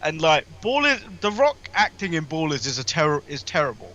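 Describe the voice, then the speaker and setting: London guy cohosting, highish voice, chatty and giggly. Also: sing-song, a little fast, bright, forceful tone, muffled recording. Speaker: co-host. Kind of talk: casual chat.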